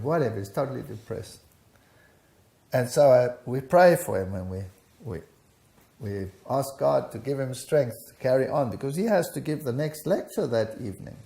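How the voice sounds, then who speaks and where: Recorded in an echoey room, this interview features an older man whose gravelly, medium-pitched voice moves at a normal speed. He animatedly recounts his own testimony, performing the lines of dialogue as he goes.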